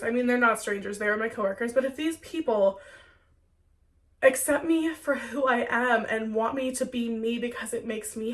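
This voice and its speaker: Young woman w a cold doing a heartfelt q&a vlog, kinda high voice, mic sitting back a bit. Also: far from the mic. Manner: earnest, heartfelt, chatty with many "like"s. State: sick with a cold. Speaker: spiritual content creator. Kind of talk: Q&A vlog, talking to viewers.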